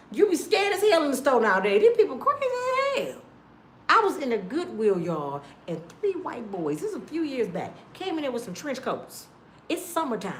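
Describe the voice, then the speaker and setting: A woman in her fifties ranting casually to her viewers, blunt and profane, telling animated stories, recorded in an echoey room. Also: high-pitched, a little hiss or hum. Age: 50s. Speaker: online commentator.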